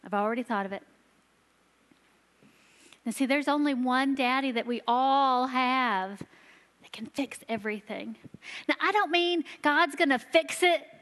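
High-voiced woman preaching in a reverberant hall. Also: fairly bright tone. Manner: earnest storytelling, slowing for emphasis. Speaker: church children's ministry leader. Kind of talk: sermon. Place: church sanctuary. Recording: long reverb of a large hall.

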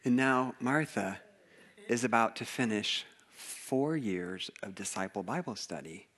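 A man's voice: lowish voice, a little slow, breathy edge. A male pastor preaching a sermon in a church, telling stories with lots of acted-out quotes and laughter. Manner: storytelling, animated, acts out quotes, laughs often.

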